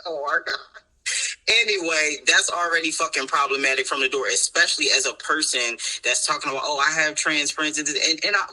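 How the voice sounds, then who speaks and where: Man, podcast co-host, casual chat, emphatic profane rant, somewhat high voice, lively pitch. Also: low-quality recording. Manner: animated, emphatic, profane ranting with laughs.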